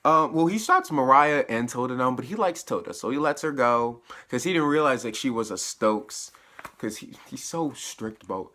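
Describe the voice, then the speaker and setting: Guy doing a chill spoiler recap, bright voice, slangy and gets hyped telling the scenes. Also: mid-range voice, brisk. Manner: chatty, retells scenes with bursts of excitement; laughs and uses slang while recapping. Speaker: TV episode reviewer.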